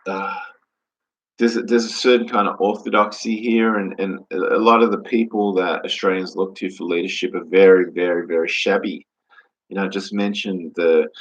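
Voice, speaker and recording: A man with a notably low voice talks to camera on his own. His delivery is loose and wandering, full of "you know" and false starts as he jumps between ideas. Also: a bit bright, low-quality recording. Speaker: vlogger. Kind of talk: rambling solo monologue. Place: lives in Australia.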